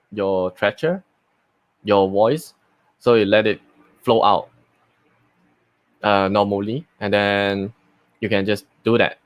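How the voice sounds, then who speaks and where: Slow-talking man demoing voices. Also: lowish voice, dry recording. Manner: unhurried, with many fillers and restarts. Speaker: voice actor. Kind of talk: casual live talk and voice demo.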